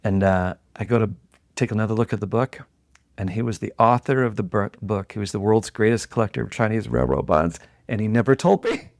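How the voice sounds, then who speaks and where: A middle-aged man telling a story as a podcast guest, animated and acting out the voices of the people in it. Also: on the low side, fairly quick, creaky, no echo, studio quality. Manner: animated storyteller who acts out quoted voices.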